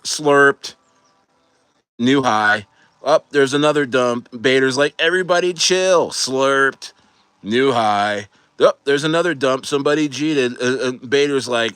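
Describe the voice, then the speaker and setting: A man hosting a casual crypto livestream, rambling excitedly to his chat and laughing often. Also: medium pitch, smooth, dry recording.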